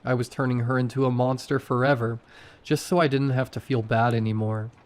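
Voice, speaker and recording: A man reading a horror story aloud in a slow, measured way. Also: mid-range voice, fairly even intonation. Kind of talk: scripted horror narration.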